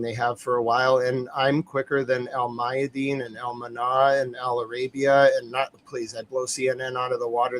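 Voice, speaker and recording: A man's voice: mid-range voice, a bit bright, poor audio. A young adult man, a guest who livestreams the news, telling long earnest stories in casual chat. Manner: earnest, rambling storyteller.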